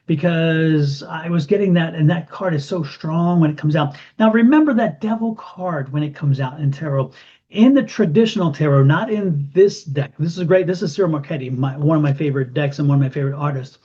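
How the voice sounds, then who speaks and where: A man giving an intuitive tarot reading to camera, animated and repeating phrases for emphasis. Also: a little high, brisk, breathy edge. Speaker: tarot reader. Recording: dull lo-fi sound.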